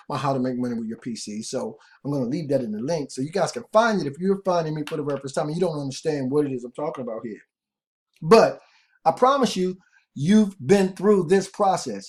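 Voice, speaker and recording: A man's voice: a little high, darkish tone. A man hosting an online marketing video, talking casually to viewers in a rambling way, with repeated words and frequent asides to "guys". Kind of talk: casual tutorial talk to camera.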